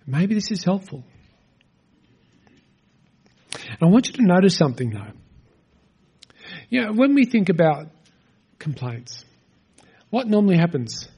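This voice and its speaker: A middle-aged man delivers a sermon in a high-pitched voice. He speaks earnestly and conversationally, leaning on rhetorical questions to draw his congregation in. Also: sing-song, normal speed, long pauses, warm tone, breathy edge. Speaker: pastor.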